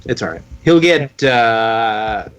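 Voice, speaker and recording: A man's voice: medium pitch, expressive, takes it slowly, clear, resonant tone, lo-fi sound. A man co-hosting a casual comics podcast, rambling through his thoughts with fillers and frequent laughs. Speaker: podcast co-host.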